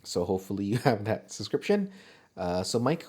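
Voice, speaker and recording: A man's voice: fairly low pitch, big pitch swings, normal speed, darkish tone, slightly rough. A man co-hosting a casual movie-review podcast, talking loosely with plenty of swearing, fillers and laughter. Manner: profane, jokey, frequent laughter and filler words. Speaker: podcast co-host.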